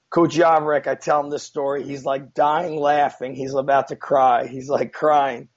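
A man's voice: mid-range voice, flat delivery, a little slow, few pauses. A man telling a story as a guest in a casual, rambling way, with many fillers and frequent swearing, on a dull lo-fi recording. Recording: dull lo-fi sound.

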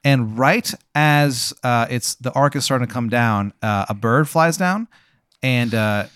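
A young man hosting a comedy podcast, calmly narrating an improvised scenario with frequent pauses and fillers. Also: medium pitch, clean tone, no echo, clean studio sound. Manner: laid-back, drawn-out with many "uh" pauses. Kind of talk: improvised storytelling.

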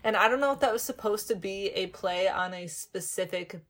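A woman's voice: medium pitch, brisk, fairly bright tone. A woman chatting casually about small film details she enjoyed. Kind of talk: casual chat.

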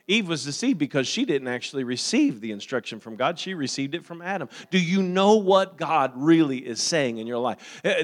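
Man, pastor, sermon, slightly high voice, emphatic surges, calm teaching, fillers. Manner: rises to loud emphatic preaching, then calm practical teaching; frequent fillers and repeated words.

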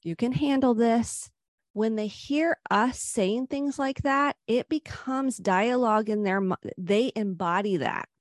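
A middle-aged woman psychotherapist, a podcast guest, gives earnest, gentle advice on parenting and anxiety. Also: mid-range voice, unhurried, hardly any pauses, no echo, studio quality. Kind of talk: podcast interview.

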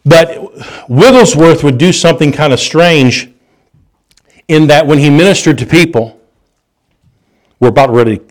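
A man preaching a sermon, telling stories with animated delivery, restarts and chuckles. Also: mid-range voice.

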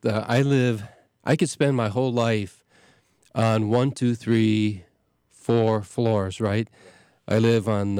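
A middle-aged man, a parish priest hosting a show, talking casually in a halting way with many restarts and fillers. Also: mid-range voice, a little mellow, dry recording, studio quality. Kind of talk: casual talk.

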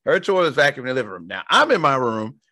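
A man from the Southern United States tells a funny childhood story in casual chat, laughing and acting out voices with animation. He talks fast in a medium-pitched voice, recorded with studio quality and no room sound.

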